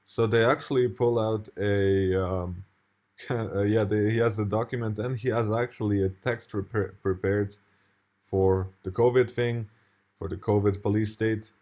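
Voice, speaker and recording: Guy ranting while he plays a clip, kinda low voice, rambling and swearing. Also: fairly even intonation, unhurried, darkish tone. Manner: indignant, rambling, profane, with restarts and laughs. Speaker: commentator reacting to a video. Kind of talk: casual video commentary.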